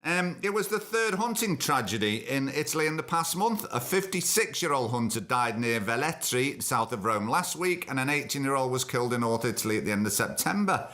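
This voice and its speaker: A man's voice: mid-range voice, big pitch swings, brisk, hardly any pauses, sharp tone. A man hosting a show, reading news stories aloud and breaking in with sarcastic, mocking asides. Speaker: host.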